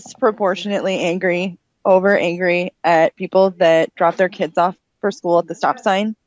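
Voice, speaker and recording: A woman co-hosting a casual radio chat, wry and quick with dry jokes. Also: fairly low pitch, fairly even intonation, dry recording, highs cut off. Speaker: radio show co-host. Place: restaurant lounge.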